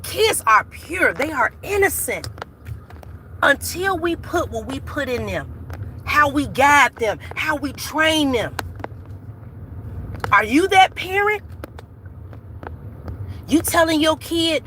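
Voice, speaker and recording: A woman's voice: high-pitched, animated, slow, long pauses, pushed and bright, a little hiss or hum. A food channel host preaching to her viewers from her car, emphatic and repetitive, calling out the audience as y'all, on a phone mic. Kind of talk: impassioned preaching-style talk to viewers.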